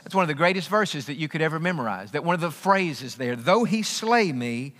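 A man's voice: fairly high pitch, expressive, brisk, a bit bright. A man preaching a sermon as pastor, emphatic and repetitive, with folksy humor. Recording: long reverb of a large hall.

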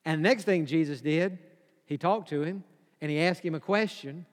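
Preacher, male, high-pitched, emphatic, sermon delivery in a reverberant hall. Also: normal speed. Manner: emphatic, repeats key phrases, drops to a hush for quoted whispers.

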